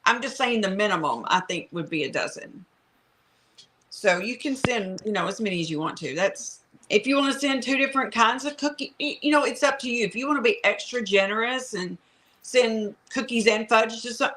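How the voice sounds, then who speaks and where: A woman's voice: fairly high pitch, lively intonation, normal speed, a bit bright. A woman hosting a casual live chat from home, explaining plans with lots of ums and you-knows. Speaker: host of a live chat stream. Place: home room by a fireplace with a fan running. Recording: noisy home recording.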